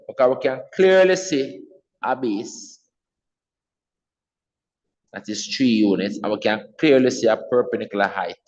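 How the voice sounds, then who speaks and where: A man's voice: on the low side, darkish tone, long reverb tail, highs cut off. A man teaching an exam revision math lesson, patiently repeating key points and checking in with his class.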